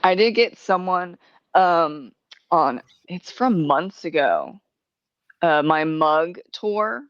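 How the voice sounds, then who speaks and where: A woman's voice: on the low side, lively intonation, slow, no echo. A woman hosting a podcast, chatting casually, laughing often and swearing freely. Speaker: podcast host. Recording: dry, dull lo-fi sound.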